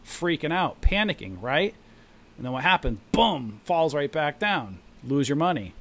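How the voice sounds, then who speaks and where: Man, trading stream host, animated, slightly high voice, acts out panicked traders. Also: unhurried. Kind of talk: live stream market commentary.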